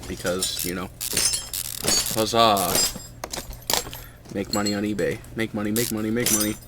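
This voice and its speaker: Rambling young man, low voice. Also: steady tone, moderate pace. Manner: hesitant, filler-heavy, self-deprecating. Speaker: hobbyist vlogger. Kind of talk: casual rambling chat. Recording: noisy home recording with clinking.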